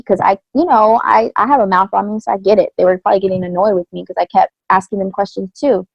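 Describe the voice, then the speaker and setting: A woman with a gravelly edge to her mid-range voice recounts a personal story in a podcast chat, speaking candidly and earnestly with blunt slang. The recording is dry and slightly dull, with a lo-fi feel. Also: mid-range voice, fairly even intonation, fast, hardly any pauses, no echo. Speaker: podcast co-host.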